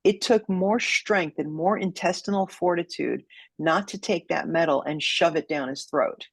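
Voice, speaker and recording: Woman, husky voice, dry close sound, dramatic storyteller, podcast guest. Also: lowish voice, normal speed, no echo. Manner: vivid, dramatic storyteller acting out quotes. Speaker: guest, judo sensei.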